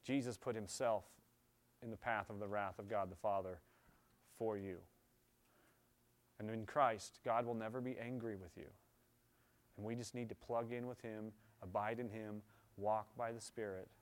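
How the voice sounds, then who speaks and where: A man preaching a sermon at a church service, earnest, with loud emphatic passages and quieter pleading ones. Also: fairly low pitch, steady tone, moderate pace, long pauses. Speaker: pastor.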